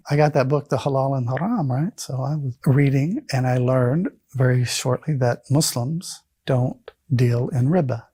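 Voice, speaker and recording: A middle-aged man from the United States telling his own story in a casual, animated way, acting out the voices of the people he quotes. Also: a little high, slightly rough, dry recording.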